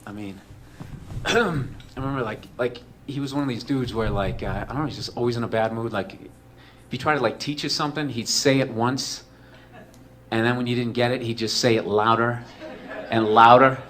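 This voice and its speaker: A man's voice: medium pitch, fairly even intonation, normal speed, fairly bright tone, slight background noise. A man telling a comedic personal story in a rambling, profane way, full of "like" and "you know".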